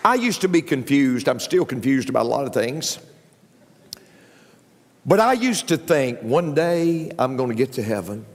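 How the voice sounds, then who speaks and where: A man preaching a sermon as pastor, joking with the congregation and jumping up in pitch for emphasis. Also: normal speed, slight background noise. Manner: animated preaching with jokes, voice leaping up in pitch. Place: church sanctuary. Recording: long reverb of a large hall.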